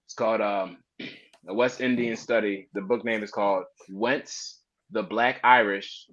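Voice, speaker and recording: A man's voice: lowish voice, steady tone, a little slow, a bit bright. A laid-back man in casual podcast talk, sharing references and reading passages aloud. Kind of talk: casual chat. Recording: dull lo-fi audio.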